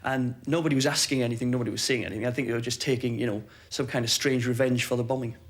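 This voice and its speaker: A man's voice: mid-range voice, steady tone, very fast. A man, a former military airman, recounting events in a documentary interview in a matter-of-fact way.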